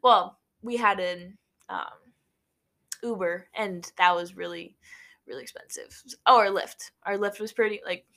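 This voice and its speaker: A woman's voice: mid-range voice, steady tone, unhurried, a bit bright. A young woman from Nebraska casually telling a story to camera, chatty, with frequent laughs and lots of "like". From Nebraska, USA. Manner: chatty, laughs often, many "like" fillers. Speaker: vlogger.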